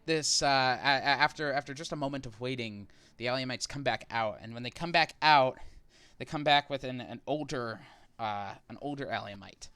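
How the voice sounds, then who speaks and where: A man's voice: medium pitch, moderate pace, sharp tone, clean tone, no echo. A man narrating a tabletop game as game master, describing scenes in a rambling, filler-heavy way.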